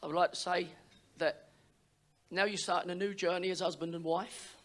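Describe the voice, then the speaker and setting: A middle-aged man, the father of the groom, giving a wedding speech, emotional and pausing to sigh. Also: high-pitched, fairly even intonation. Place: wedding reception hall.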